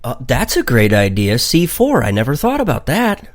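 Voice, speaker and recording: A man's voice: mid-range voice, huge pitch swings, moderate pace. A man hosting a radio talk show, rambling and joking with many fillers and asides. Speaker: radio host.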